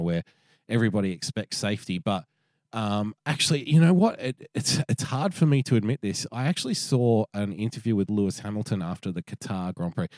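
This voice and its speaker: A man's voice: lowish voice, a little mellow, no echo. Dry-voiced man teasing on a podcast. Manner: wry, teasing, mock voices. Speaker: podcast co-host. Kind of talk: casual banter.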